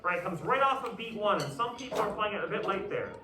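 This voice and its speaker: A man's voice: high voice, expressive, fast, background noise. A man conducting a community band rehearsal, explaining phrasing, singing lines and counting the players in. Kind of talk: rehearsal instruction. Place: large rehearsal room. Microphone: distant camera mic. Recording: roomy, distant, with band music. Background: band instruments.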